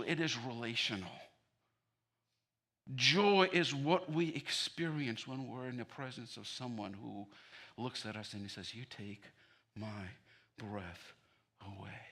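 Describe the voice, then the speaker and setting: A male pastor preaches a sermon in a church, his voice bright and forceful at an average pitch. He tells stories with a playful humor and builds to excited, emphatic peaks. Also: breathy edge. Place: church sanctuary.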